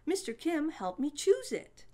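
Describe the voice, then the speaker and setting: A woman's voice: sits high, huge pitch swings, a little slow, dark tone, voice pushed up, exaggerated voice. A woman voicing a friendly young schoolboy in a storybook reading, with an upbeat, eager delivery.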